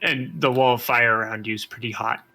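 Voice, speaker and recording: Bright-voiced man running a tabletop game. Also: mid-range voice, fairly even intonation, a little fast. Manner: casual, improvising, many fillers. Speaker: game master.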